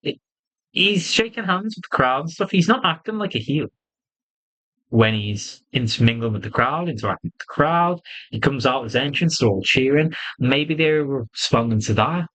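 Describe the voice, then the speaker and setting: A man giving a casual solo wrestling review, animated and swearing freely, often laughing. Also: medium pitch, moderate pace, low-quality recording.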